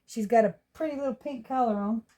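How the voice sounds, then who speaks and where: A woman's voice: a little high, fast, warm tone. A woman with a Southern US accent rambling in a casual, folksy home vlog, often laughing. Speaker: vlogger. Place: at home with pets.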